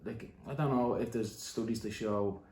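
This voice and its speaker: Low-voiced Dublin man in his late twenties. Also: normal speed, a little mellow, a little hiss or hum. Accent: Dublin Irish. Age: late 20s. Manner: casual, swears often, thinking aloud. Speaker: podcast host. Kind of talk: casual interview. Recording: roomy room echo.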